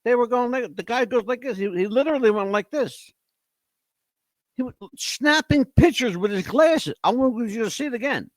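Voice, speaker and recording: Animated man hosting a podcast. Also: extremely high pitch, normal speed, no room sound. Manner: animated, questioning, addresses chat by name; stammers and repeats words. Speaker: podcast host. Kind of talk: casual livestream talk to viewers.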